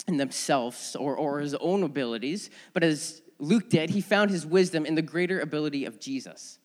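A man giving a sermon in a church, earnest and conversational, often restarting his phrases as he tells a story. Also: fairly high pitch. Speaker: preacher. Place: church sanctuary. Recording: long church reverb.

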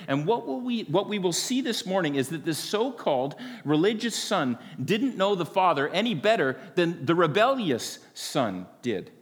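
Higher-voiced pastor preaching in a hall. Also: male voice, big pitch swings, normal speed. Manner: friendly, joking then earnest, filler-heavy. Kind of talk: sermon. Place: church sanctuary. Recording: long reverb of a large hall.

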